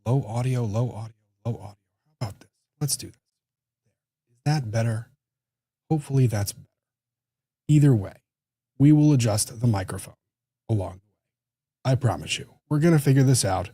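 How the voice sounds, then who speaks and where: Guy hosting a stream at his desk, chatty, pokes fun at himself, mellow low-key voice, dry room. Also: normal speed, pauses often, slightly rough, no room sound. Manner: chatty, self-deprecating, reads chat aloud. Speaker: livestream host. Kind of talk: casual livestream chat. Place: small home studio room. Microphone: desk microphone.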